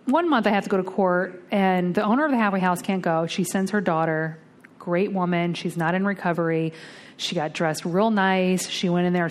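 A woman speaking at a twelve-step recovery meeting, telling a blunt, salty story with lively storytelling and acting out the other voices. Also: on the low side. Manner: lively storytelling, acts out the voices in her tale; blunt and salty, casual swearing.

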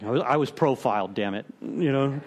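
A man's voice: mid-range voice, a little fast, a little mellow. A man sharing his personal recovery story with a group, conversational and self-deprecating, full of "you know" and repeated phrases. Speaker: speaker at a recovery meeting.

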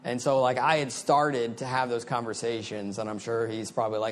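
A man's voice: mid-range voice, level tone, a little fast, slight background noise. A middle-aged man telling a personal story in a candid, conversational way, with many fillers. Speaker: speaker sharing recovery story.

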